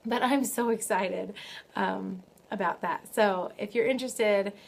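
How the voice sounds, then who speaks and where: A young woman hosting a knitting podcast from home, chatting casually and excitedly, full of fillers and self-corrections. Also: mid-range voice, unhurried, vocal fry. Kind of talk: casual video podcast chat. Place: home, early morning.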